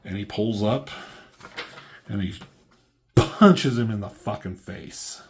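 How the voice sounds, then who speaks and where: A man's voice: fairly low pitch, takes it slowly, slight background noise. A man giving a loose, profane, filler-heavy walkthrough of a comic book issue as its reviewer.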